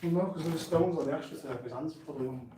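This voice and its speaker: A man's voice: on the high side, rapid-fire, noisy background. A man chatting casually from across the room, away from the microphone. His voice sounds roomy and distant, with a faint background ambience.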